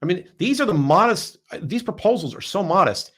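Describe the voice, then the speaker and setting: A man's voice: high-pitched, animated, fairly quick, a bit bright, husky. A man hosting a political podcast, sarcastic and emphatic, often repeating words as he builds a point. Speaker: podcast host. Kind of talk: political commentary chat.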